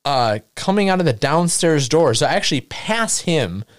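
A man telling a story in casual chat, animated, laughing often and acting out quotes. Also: a little high, normal speed, no room sound, studio quality. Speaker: podcast guest storyteller.

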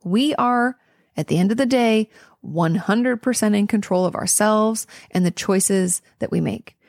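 A woman's voice: medium pitch, a little slow, a little mellow, no echo, clean studio sound. A woman therapist answering listener questions in a casual, earnest, encouraging way, with frequent ums and restarts. She sounds tired. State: tired and yawning. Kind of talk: casual advice monologue.

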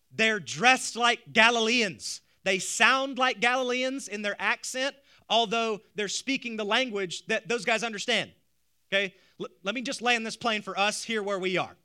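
A male pastor preaching a sermon, animated, with rhetorical questions and frequent stammered restarts. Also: sits high, smooth.

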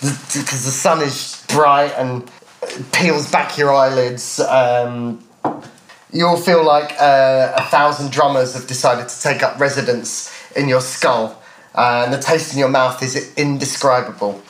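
A man's voice: medium pitch, fairly even intonation, a little slow, fairly bright tone, roomy sound. A man narrating a tabletop game as game master, playful and descriptive. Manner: playful, descriptive, laughs at own jokes.

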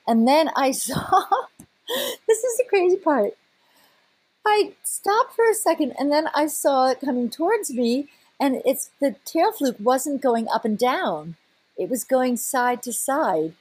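Husky older woman telling a story. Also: high-pitched. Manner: animated, breaks into laughter and restarts. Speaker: scientist guest. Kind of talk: recounting a personal story in an interview.

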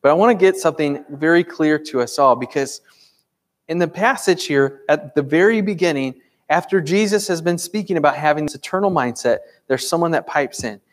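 A man's voice: a little high, fairly quick. A man in his thirties, a pastor preaching a conversational sermon in a church, earnest and full of rhetorical questions. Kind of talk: sermon with prayer.

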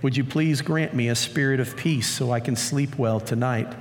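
A male pastor preaching a sermon in a lively, story-acting way, recorded in a church. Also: mid-range voice, moderate pace, hardly any pauses. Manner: animated, acts out scripture stories. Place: church auditorium. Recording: long church hall reverb.

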